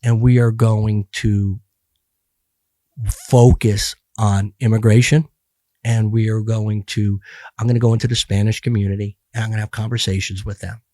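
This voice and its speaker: A man's voice: fairly low pitch, flat delivery, normal speed, warm tone, no echo, clean studio sound. A middle-aged man talking bluntly and profanely as a podcast guest, rambling with many restarts. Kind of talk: casual podcast conversation.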